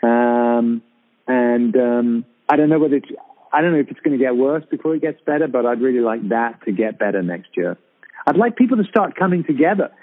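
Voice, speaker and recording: A man in casual radio chat, heard over a thin, phone-like line. He talks haltingly, circling back with fillers and restarts. His pitch sits in the middle range. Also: lively intonation. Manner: hesitant, with many fillers and restarts. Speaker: guest on a radio show. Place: abroad in Britain, calling in.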